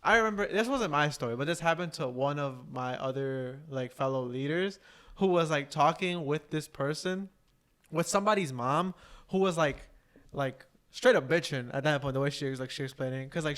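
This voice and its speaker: Young dude, smooth clear voice a bit high, venting about people, swears. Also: male voice, normal speed, fairly bright tone. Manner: exasperated ranting with slang and swearing. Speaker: podcast guest. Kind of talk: casual chat.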